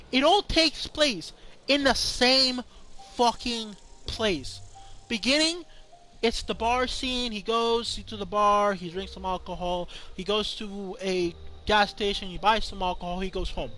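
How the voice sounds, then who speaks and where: A man giving a profane, rambling, excited rant as he reviews a movie. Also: sits high, unhurried, a little hiss or hum. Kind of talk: casual rant.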